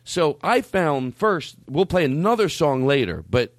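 A man hosting a comedy podcast, joking his way through casual chat. His voice swings up and down with lively energy, and the studio sound is dry and close. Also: on the high side, no echo. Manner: animated, joking, quick restarts. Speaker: podcast host.

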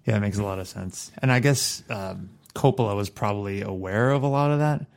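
A man's voice: fairly low pitch, brisk, vocal fry. A man co-hosting a podcast, chatting casually and reading passages from a novel aloud. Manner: reads book passages aloud between banter. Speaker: podcast co-host.

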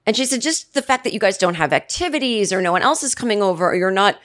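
A woman in her forties hosting a podcast, telling a rambling comedic story in a chatty way and mimicking her family with shrill yells. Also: expressive, fast. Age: 40s. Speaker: podcast host. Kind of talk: casual comedic monologue.

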